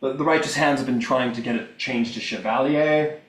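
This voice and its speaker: A man's voice: mid-range voice, moderate pace, echoey room, far from the mic. A man narrating a tabletop game as game master, in a loose, filler-heavy way.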